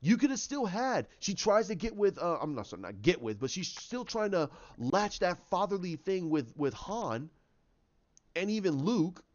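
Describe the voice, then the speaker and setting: A man giving casual commentary on films, rambling and animated, acting out scenes in voices. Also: high voice, moderate pace, highs cut off. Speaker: YouTube commentator.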